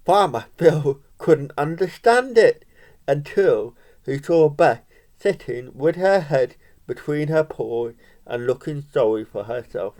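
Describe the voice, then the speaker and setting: Lively, slow read-aloud storyteller. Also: mid-range voice. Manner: animated, slow read-aloud with chatty asides and laughs. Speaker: parent reading to a child. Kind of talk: reading a picture book aloud with asides.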